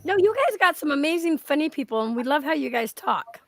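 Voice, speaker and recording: A woman's voice: high voice, big pitch swings, a little fast, creaky, no echo. A woman hosting a live stream, chatting casually, rambling and swearing. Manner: rambling, swears, laughs often. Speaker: stream host. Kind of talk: casual chat.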